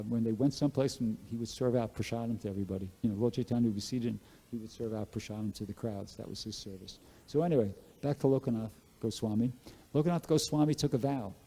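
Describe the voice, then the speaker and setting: Mellow, husky-voiced man telling a story. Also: medium pitch. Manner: casual, rambling storytelling with many fillers and restarts. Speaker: class speaker at a temple. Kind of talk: Bhagavatam class storytelling.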